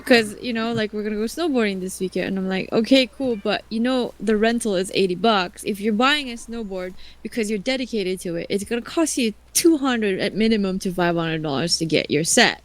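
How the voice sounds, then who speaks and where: A woman streamer chatting casually and telling an animated story, swearing freely and acting out other people's lines. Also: mid-range voice, a little fast, hardly any pauses.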